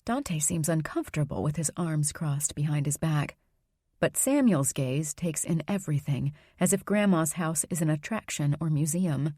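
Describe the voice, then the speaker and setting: A woman reading a first-person audiobook in an even, measured narration. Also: low voice, husky, no echo, clean studio sound.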